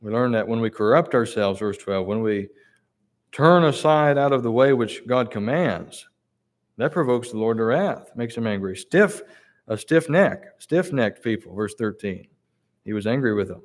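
A man's voice: medium pitch, expressive, normal speed. Man preaching, reading scripture aloud. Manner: reads verses aloud and repeats key words for emphasis.

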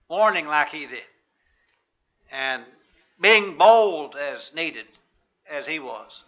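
Emphatic high-voiced male preacher, lo-fi. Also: bright, forceful tone. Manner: emphatic, rhetorical, quoting scripture in King James wording. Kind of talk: sermon.

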